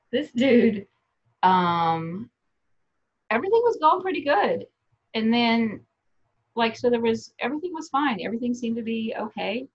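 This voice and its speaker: A woman guest in candid casual chat, telling blunt, profane stories. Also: fairly high pitch. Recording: slightly dull lo-fi audio.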